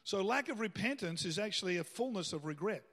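A man's voice: sits high, expressive, a little fast, a bit bright, long reverb tail. A man preaching a sermon as pastor in a church, talking conversationally and rising into emphatic bursts. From Australia.

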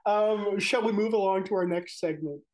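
A man's voice: sits high, normal speed, a little mellow. A man co-hosting a podcast in casual chat, easygoing and joking. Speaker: podcast co-host.

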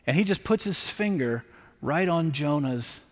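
High-voiced preacher in a reverberant hall. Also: male voice, animated, unhurried. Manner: conversational preaching, with frequent "right?" tag questions. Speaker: pastor. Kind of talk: sermon. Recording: long reverb.

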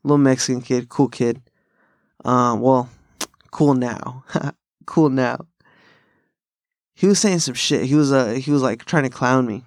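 Profane bro podcaster. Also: male voice, medium pitch, measured pace, long pauses, no echo, studio quality. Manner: profane, rambling bro-style storytelling with frequent laughs. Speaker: podcast host. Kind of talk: casual chat.

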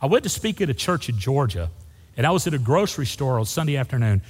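Pastor preaching in a reverberant church. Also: male voice, mid-range voice, sing-song, fast talker, slightly rough. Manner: folksy storytelling preacher, says y'all. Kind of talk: sermon. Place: church sanctuary. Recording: long reverb in a large church hall.

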